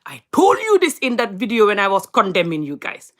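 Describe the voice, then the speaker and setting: A woman rants straight to camera, scolding and mocking. Her delivery keeps jumping from low, pointed asides to high, sing-song exclamations. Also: huge pitch swings, brisk. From Gambia. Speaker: vlogger. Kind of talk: animated ranting commentary.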